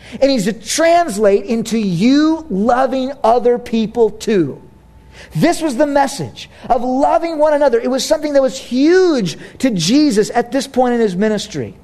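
A male pastor in his thirties preaches in a church, mixing family stories and jokes with direct appeals to his listeners. His voice is unusually high for a man and swings widely in pitch as he builds each point. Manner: animated, humorous storytelling, direct to congregation. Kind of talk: sermon.

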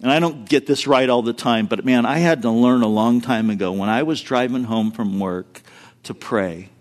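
A man's voice: mid-range voice, normal speed. A middle-aged man, a pastor, giving a sermon with humorous stories, speaking directly to the congregation and acting out the voices in his anecdotes. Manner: animated storytelling, acts out quoted voices, addresses the congregation directly.

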